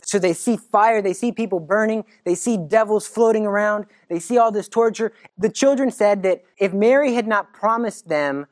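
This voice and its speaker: A teacher retelling a religious story to listeners in a lively, dramatic way. The voice swings from loud, emphatic bursts to hushed asides. The pitch sits at a middle level. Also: moderate pace, hardly any pauses, dry recording.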